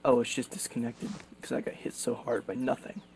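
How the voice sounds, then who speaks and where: A man's voice: mid-range voice, flat delivery, brisk, gravelly, a little mellow. A young man commenting on his gameplay, exasperated and swearing often. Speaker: gaming streamer. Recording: faint background noise.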